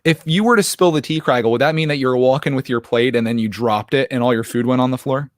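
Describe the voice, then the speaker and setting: A man's voice: mid-range voice, fast talker, dry recording, clean studio sound. A man hosting a casual chat, asking questions and reading out viewers' messages. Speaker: host.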